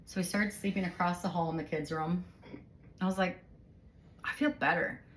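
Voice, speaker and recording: A woman's voice: fairly low pitch, steady tone, a little fast, slight background noise. A woman in her forties hosting a conversation with her husband, explaining things casually with vivid everyday examples. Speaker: host interviewing her husband.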